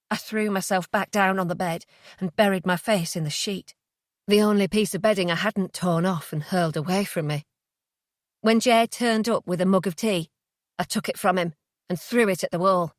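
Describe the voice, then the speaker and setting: Woman, audiobook narrator, first-person thriller reading, hushed and tense, dry booth sound. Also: mid-range voice, normal speed, no room sound.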